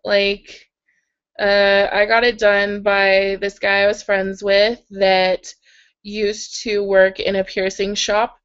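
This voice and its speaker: A chatty young woman hosts a relaxed live stream from her bed, reading out viewer comments and answering with frequent giggles and "like"s. Her throat sounds a little sore, and the webcam audio comes through dull and lo-fi. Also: mid-range voice. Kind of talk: casual live chat. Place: in bed at home.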